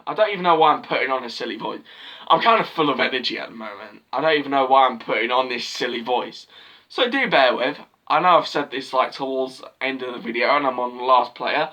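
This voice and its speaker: A man, chatting casually to camera in an excitable, rambling way and swearing freely. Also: mid-range voice, a little fast. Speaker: football vlogger. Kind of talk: casual solo video chat.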